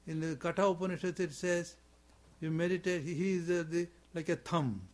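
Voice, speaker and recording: A man's voice: fairly high pitch, steady tone, a little fast, darkish tone. A man giving a spiritual talk on scripture, chanting in Sanskrit and explaining with repetition and rhetorical questions in slightly imperfect English. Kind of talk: sermon on scripture.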